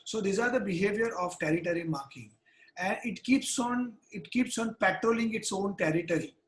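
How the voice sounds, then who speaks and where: A man, a wildlife photographer telling the story of a field trip in a tutorial, earnest and halting, full of restarts. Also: high-pitched, echoey room, rough recording.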